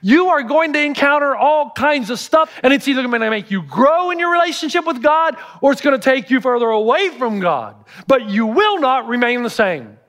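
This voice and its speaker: A man's voice: very high voice, big pitch swings, moderate pace, hardly any pauses, a bit bright. A middle-aged man, a pastor preaching a sermon with humorous storytelling.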